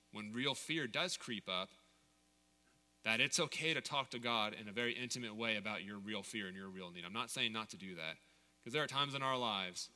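A man's voice: lowish voice, bright, forceful tone, in a large hall. A man in his thirties preaching a sermon as pastor, candid and conversational, sharing personal stories.

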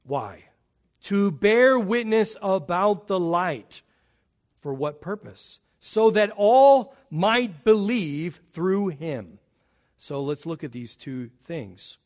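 A man's voice: expressive, slow pace. A man preaching a sermon to his congregation, building emphasis as he drives key points home. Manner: emphatic, rising in pitch and volume on key points. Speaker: pastor.

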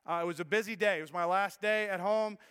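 A man's voice: high-pitched, quick pace, a bit bright, clean tone, big-room sound. A middle-aged man preaching a sermon as pastor, telling a personal story in an earnest, emotional way with frequent restarts. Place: church sanctuary.

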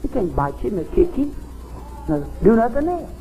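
A male preacher with a high, swooping voice leaps between low murmurs and soaring cries as he delivers a folksy revival sermon. He talks in a plain, homespun way and his fervor keeps pushing him into shouts. Faint music plays behind him in the church. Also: very animated, moderate pace, poor audio. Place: church service.

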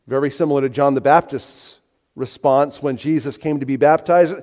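Animated preaching man, big reverb. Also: medium pitch, moderate pace. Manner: animated, emphatic, swings between soft and loud. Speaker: pastor. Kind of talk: expository sermon.

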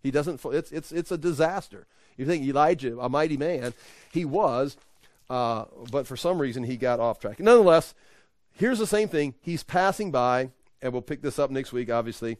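A man teaching the Bible in an animated, conversational way, often laughing. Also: mid-range voice, normal speed, no room sound, studio quality.

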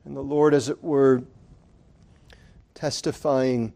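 A man's voice: fairly high pitch, lively intonation, a little slow, vocal fry, long pauses, warm tone. A male preacher delivering a sermon to his congregation, earnest and rising to impassioned emphasis, calling them brethren.

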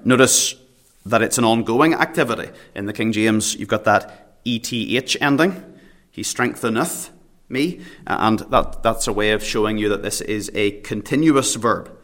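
A pastor preaches at a church prayer meeting in an earnest, medium-pitched male voice with a fairly bright tone. He reads scripture in old King James wording and often repeats a word as he starts a phrase, in a sermon.

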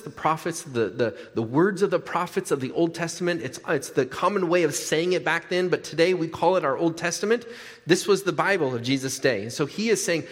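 A pastor delivers a sermon in a reverberant hall, preaching conversationally with restarts and emphatic repetition. His voice is fairly high and fairly bright.

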